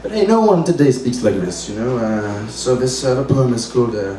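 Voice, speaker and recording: A man's voice: mid-range voice, lively intonation, a little fast, dark tone. A man reading comic poems at an open mic, hesitant with many fillers between verses. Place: bar open mic room. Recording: roomy, distant mic, faint noise.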